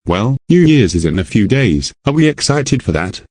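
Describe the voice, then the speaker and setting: A man's voice: fairly low pitch, very animated, moderate pace, darkish tone, dry recording. A synthetic text-to-speech male voice co-hosting a casual podcast chat. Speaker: podcast co-host.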